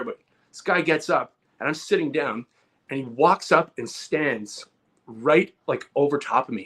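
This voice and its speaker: A man's voice: mid-range voice, a bit bright. A man co-hosting a comedy podcast, talking heatedly, swearing and restarting his sentences. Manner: heated, repeats words and restarts often, swears. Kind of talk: casual podcast chat.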